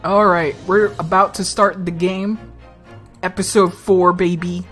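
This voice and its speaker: A woman's voice: lowish voice, extremely slow, long pauses, soft background music. A woman giving casual commentary over a video game, blunt and chatty, swearing freely and laughing often. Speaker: let's play streamer.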